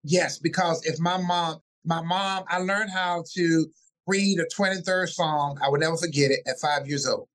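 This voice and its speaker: A male pastor with a notably high voice, talking in a relaxed interview. He tells his stories with animated energy, slipping into the voices of the people he quotes. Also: moderate pace. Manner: animated, acts out family voices mid-story. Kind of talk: casual interview storytelling.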